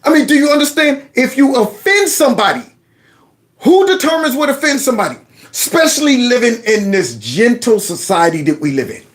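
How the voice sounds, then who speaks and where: A man's voice: extremely high pitch, sing-song, a little fast. A man hosting his own commentary channel, reacting to a news clip in an incredulous, ranting way and acting out quotes.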